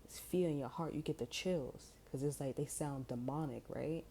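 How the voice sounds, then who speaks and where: A woman with a low, mellow voice talks through a tarot reading in loose, slangy street talk. She tells the story as she goes and keeps jumping into the voices of the people in it. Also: normal speed, a little hiss or hum. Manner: slangy, animated storytelling, acting out quoted voices. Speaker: tarot reader.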